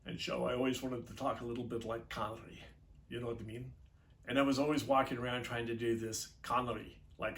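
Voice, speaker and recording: A man's voice: medium pitch, level tone, a little fast, a bit bright, a little hiss or hum. Rambling middle-aged man telling a story. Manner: rambling, chatty, with fillers and self-corrections. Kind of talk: personal storytelling.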